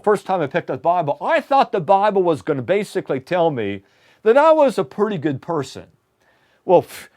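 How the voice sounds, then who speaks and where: A man delivering a sermon in a high voice that swoops up and down with a lot of energy. He tells the scripture story emphatically and keeps doubling back on his words as he builds each point. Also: darkish tone. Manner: emphatic storytelling, often restarting phrases. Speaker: preacher. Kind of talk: sermon lesson.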